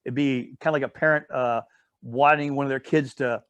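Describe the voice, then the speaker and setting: A man's voice: mid-range voice, fairly even intonation, fairly quick, a bit bright, clear, resonant tone, no echo. A man leading a casual Bible study. He retells a story in a rambling way, with asides and self-corrections, and often checks in with "all right?".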